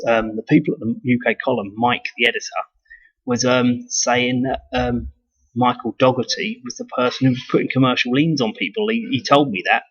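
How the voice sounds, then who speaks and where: On a dull lo-fi recording, a male video blogger from the United Kingdom talks casually and at length, dropping swear words and restarting his thoughts. His voice sits at medium pitch with a slightly rough texture.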